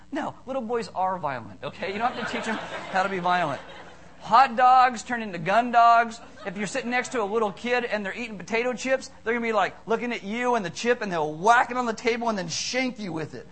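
High-voiced joking male pastor. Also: a little hiss or hum. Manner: jokey, animated, acts out little voices. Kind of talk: humorous sermon.

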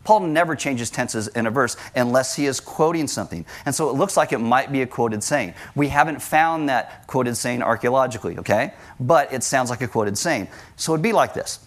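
A man's voice: mid-range voice, moderate pace, few pauses. Man preaching with rhetorical questions. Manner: explanatory, rhetorical questions, emphatic repetition. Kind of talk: sermon teaching.

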